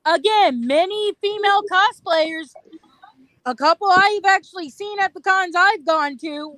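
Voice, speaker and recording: A woman's voice: very high-pitched, unhurried, fairly bright tone, no room sound, rough recording. A woman in a casual livestream chat, ranting angrily and swearing.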